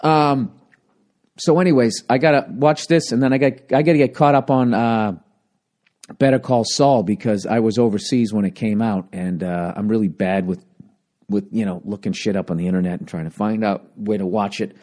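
A man, a stand-up comedian, talking alone into a handheld recorder for his podcast. He swears constantly, rants in a lively way, and his voice is still cracking. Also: lowish voice, moderate pace. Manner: profane, ranting, animated. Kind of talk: solo podcast monologue.

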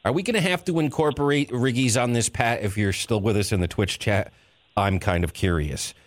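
A man's voice: medium pitch, fairly quick, no room sound. A man hosting a sports radio show, upbeat and bantering as he plugs the show and steers the picks.

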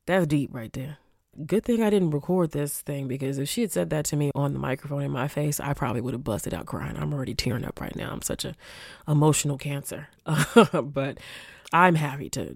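Woman, podcast host, low voice, heartfelt and reflective, reads answers aloud, dry close mic. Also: gravelly, a little mellow, no echo. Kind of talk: solo podcast reading survey answers.

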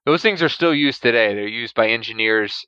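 A man's voice: mid-range voice, animated, moderate pace, bright, forceful tone, clear, resonant tone, dry recording, muffled recording. A man co-hosting a podcast, enthusiastically talking through film scenes and explaining military weapons and terms. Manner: explanatory, gun-knowledgeable, enthusiastic. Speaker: podcast co-host. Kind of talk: casual movie discussion.

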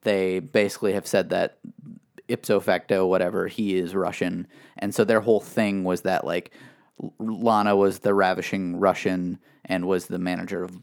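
A man with a fairly low voice talks through a casual podcast conversation. He explains at length in a chatty, filler-heavy way. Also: level tone, normal speed, vocal fry. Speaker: podcast co-host. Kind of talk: casual wrestling chat.

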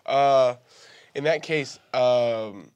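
Male tabletop player, hesitant, filler-heavy, slow, mid-pitched. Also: darkish tone. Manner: hesitant, halting, many fillers. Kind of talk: playing a tabletop game.

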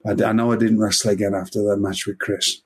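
A man's voice: lowish voice, level tone, quick pace, slightly rough. An older man with an English accent, chatting casually and telling anecdotes, laughing at his own jokes. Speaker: podcast guest storyteller.

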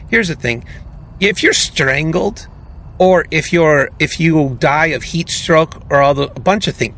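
A man co-hosting a podcast in casual chat. He talks slowly, with a gravelly, fried edge to his fairly high voice, and faint noise sits behind him. He rambles in disbelief and restarts his thoughts along the way. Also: bright, forceful tone. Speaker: podcast co-host.

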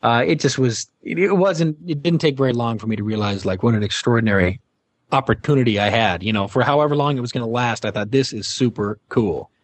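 A middle-aged man tells stories as a guest in a casual interview. His voice sits at a medium pitch and sounds dry and close. He rambles and restarts often. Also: fast, no echo. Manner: rambling, many fillers and restarts. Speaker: guest, former game show host.

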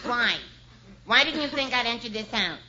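A man's voice: very high voice, animated, normal speed, very noisy, voice pushed up. A man voicing a scheming, lovesick young woman in a 1950s radio comedy sketch, sobbing melodramatically. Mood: melodramatic. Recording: dull old radio broadcast with audience.

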